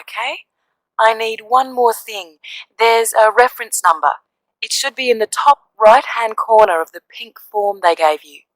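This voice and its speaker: An actress playing a businesslike woman clerk who asks brisk questions in a scripted listening-test dialogue. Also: a little high, no room sound, close to an everyday voice, low-quality recording. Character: businesslike adult woman clerk filling in a form. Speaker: clerk taking details.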